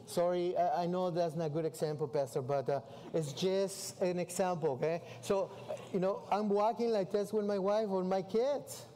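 A man, a missionary preaching a sermon with animated stories in English. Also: high voice, moderate pace, hardly any pauses, a little hiss or hum. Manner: animated storytelling with non-native English. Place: church sanctuary. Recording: far-off voice in a reverberant hall.

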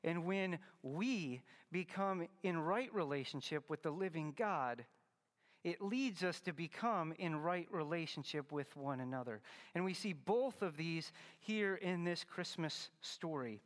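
A man's voice: fairly high pitch, expressive, a little slow. Man preaching a sermon in a reverberant hall. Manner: earnest, teaching, rising to emphatic stresses. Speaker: pastor.

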